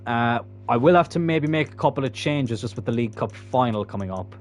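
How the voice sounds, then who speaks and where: A man's voice: medium pitch, expressive, a little fast, faint music behind. A man giving casual, chatty commentary while playing a football video game, swearing freely. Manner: chatty, swearing, bursts into loud laughter. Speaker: gaming YouTuber.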